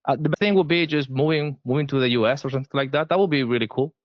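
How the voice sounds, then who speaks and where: A man's voice: medium pitch, racing, no echo, highs cut off. A man with a Spanish accent, a guest giving advice in a casual interview, emphatic and often repeating words as he restarts. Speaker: sales guest.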